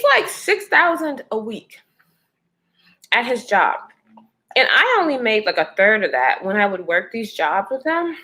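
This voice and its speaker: A woman livestreaming, chatting casually to her viewers as girl and y'all and reacting to their comments as she tells a personal story. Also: a little high. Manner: animated, with frequent laughter. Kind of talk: casual storytelling to a live chat.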